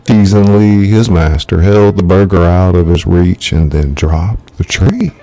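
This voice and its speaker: Deep-voiced man narrating a thriller. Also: dark tone, soft background music. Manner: measured, dramatic storytelling. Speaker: author reading his novel. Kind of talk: live audiobook narration.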